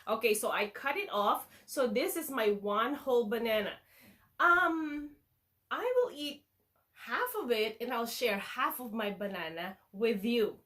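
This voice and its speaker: Playful teacher lady talking to kids, slow and a bit high, sing-songy, munching food as she goes. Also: lively intonation, fairly bright tone. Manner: playful, sing-song, talks to the viewer as a child. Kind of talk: children's lesson demonstration.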